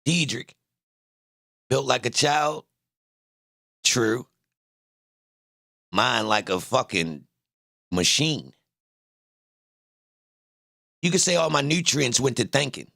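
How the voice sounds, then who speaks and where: Man, Baltimore accent, very gravelly, dry close sound, boastful, trash-talking livestream host. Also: mid-range voice, expressive, slow pace, long pauses, sharp tone, no echo. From Baltimore, Maryland. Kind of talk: casual livestream chat.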